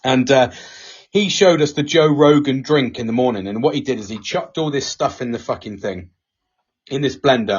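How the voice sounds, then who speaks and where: A man's voice: medium pitch, a little mellow, slightly rough, muffled recording. A man with a British accent, co-hosting a casual podcast, sweary and laughing often as he tells stories. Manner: sweary, laughs a lot, storytelling. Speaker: podcast co-host. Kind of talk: casual banter.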